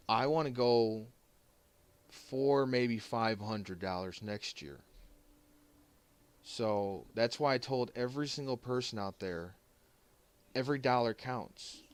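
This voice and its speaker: A man giving an emotional thank-you to his stream viewers, choked up and halting, restarting his sentences and pausing often as he holds back tears. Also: mid-range voice, clear, resonant tone, no room sound. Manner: halting and heartfelt, many restarts and pauses.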